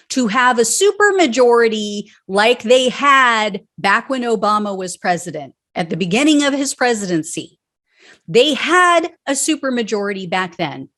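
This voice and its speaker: A woman's voice: fairly high pitch, fairly bright tone. A woman hosting her own political commentary show, ranting angrily and bluntly with plenty of profanity. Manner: mocking impressions of politicians. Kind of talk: solo political commentary rant.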